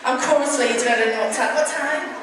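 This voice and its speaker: A woman's voice: high voice, quick pace. A woman introducing herself to an audience, bubbly and self-mocking, pulling the crowd in, recorded from far off in a large hall. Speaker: chorus leader and saxophonist. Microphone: camcorder far from the stage. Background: audience chatter and room noise.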